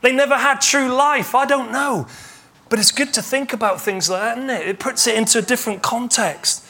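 A male pastor with a high, bright voice delivers a sermon. He tells the story vividly, slipping into imagined conversations as he goes. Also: moderate pace. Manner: animated storytelling, acts out imagined dialogue.

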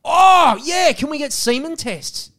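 A young Australian man with a high-pitched voice co-hosts a podcast. He is loud and teasing, and he swears freely in casual banter. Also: lively intonation, unhurried. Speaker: podcast co-host.

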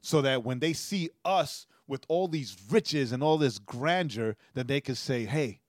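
A man's voice: medium pitch, measured pace, no room sound, studio quality. A man co-hosting a podcast in a casual chat, telling stories and tagging nearly every sentence with a questioning "right?". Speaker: podcast co-host.

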